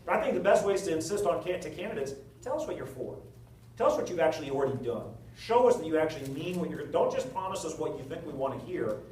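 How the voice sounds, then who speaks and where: A man, a political candidate, answering at a town hall meeting, telling anecdotes with jokes in a lively storytelling manner. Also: on the high side, fast, recorded from a distance, slight background noise. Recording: echoey hall recorded from afar.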